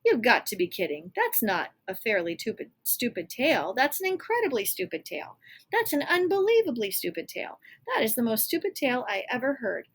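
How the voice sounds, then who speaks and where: A woman voicing a boastful, cocky young boy hero from a fairy tale, talking bossily and fast. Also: mid-range voice, expressive, close to an everyday voice. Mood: scornful.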